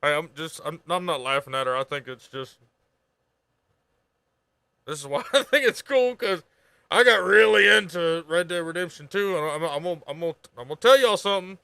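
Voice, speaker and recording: A man streaming and chatting casually while reacting to a video, talking in an animated way, swearing and laughing freely. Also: a little high, normal speed, gravelly, clear, resonant tone, dry recording.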